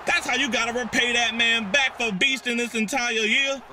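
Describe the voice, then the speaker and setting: A young man giving excitable, trash-talking commentary over his own football video game, sometimes drifting into a sing-song delivery. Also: very high-pitched, moderate pace. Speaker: gaming YouTuber. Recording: music playing behind.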